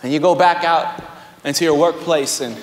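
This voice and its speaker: A man preaching an energetic sermon as a pastor, shouting at peaks, then dropping to a quiet, conversational tone. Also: on the high side, moderate pace. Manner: animated, shouts and laughs, swings from loud to quiet. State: out of breath. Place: large church hall. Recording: long hall reverb, faint room ambience.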